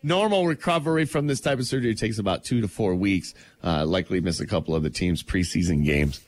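A man's voice: deep voice, fast, no room sound. A man co-hosting a radio show, reading sports news in a laid-back way and laughing often. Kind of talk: casual radio banter. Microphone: studio mic.

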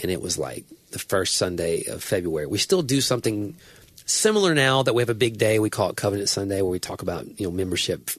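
A pastor with a lowish, husky voice, telling stories on a podcast. His pitch swings widely as he talks, and he laughs often. The recording is dry and close. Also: fast, no room sound. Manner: animated storyteller, laughs often. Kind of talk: casual chat.

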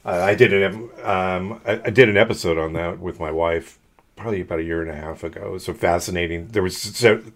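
A man's voice: deep voice, a little fast. A man with a Californian accent, hosting a podcast in a loose, joking, rambling way. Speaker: podcast host.

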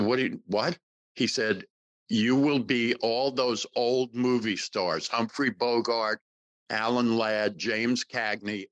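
Male actor-guest telling an animated story. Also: lowish voice, no echo, poor audio. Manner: animated storyteller, acts out quoted dialogue. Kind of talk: casual interview storytelling.

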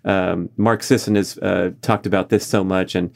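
A male podcast host with a very low, deep voice, talking in a casual and enthusiastic way. He speaks loosely and often pauses on an "uh" as he thinks aloud. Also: steady tone, gravelly, darkish tone. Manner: conversational, frequent uh fillers. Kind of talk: casual monologue.

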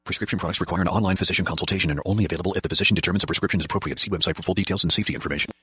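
A man doing a rapid-fire ad disclaimer voice. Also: sits low, sharp tone, slightly rough, exaggerated voice. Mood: rushed. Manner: rushed legal disclaimer reading.

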